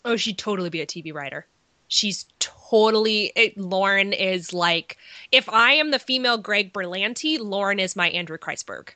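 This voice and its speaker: Bright-voiced woman, stuffed up with a cold. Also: mid-range voice, lively intonation, normal speed, dry recording. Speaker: podcast co-host. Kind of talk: casual podcast chat.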